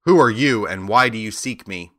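Guy reading big stern wizard, deepish and punchy, bossing folks around. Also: normal speed, a bit bright, close to an everyday voice. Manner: stern, commanding. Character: mighty male wizard as beast and fireball.

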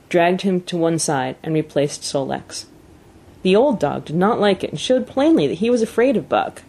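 An audiobook narrator reading a novel chapter aloud with a steady, even storytelling delivery. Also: mid-range voice. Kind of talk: scripted narration.

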